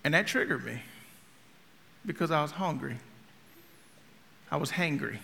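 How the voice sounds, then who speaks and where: A man preaching a sermon with a high, very bright and piercing voice. He tells humorous stories in a conversational way, moving from hushed asides to loud outbursts. His voice rings with a long reverb. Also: expressive, a little slow, creaky, a little hiss or hum. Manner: conversational, humorous, swings from quiet storytelling to loud shouting.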